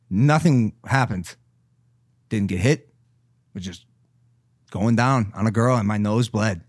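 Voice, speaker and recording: A man's voice: fairly low pitch, slow, long pauses, no room sound, studio quality. A young man co-hosting a podcast who tells a rambling, crude, self-mocking story with many fillers. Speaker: podcast co-host. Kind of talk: casual storytelling chat.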